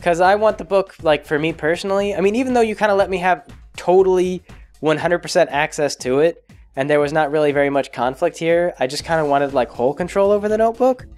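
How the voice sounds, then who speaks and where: A possessive, scheming teen girl, breezy and dismissive, as a man lightly puts her on. The voice stays close to his own rather high speaking voice, with faint music behind. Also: quick pace, a little mellow, lightly acted. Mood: offhand.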